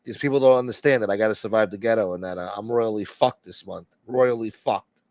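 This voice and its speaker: A man's voice: fairly low pitch, brisk, a little mellow, no echo, highs cut off. Profane joking man hosting a livestream. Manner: profane, joking, reading out viewer names. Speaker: livestream host. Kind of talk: casual live-stream chat.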